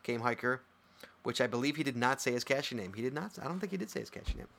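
A man's voice: mid-range voice, animated, very fast, vocal fry, fairly bright tone. A man co-hosting a podcast, reading listener emails aloud and joking with his co-host, laughing often. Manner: jokey, laughs often, reads entries aloud.

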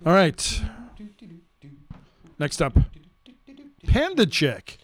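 Man, podcast host, casual chat, upbeat emphatic announcing, slightly high voice. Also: lively intonation, moderate pace. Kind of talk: casual chat, reading listener milestones.

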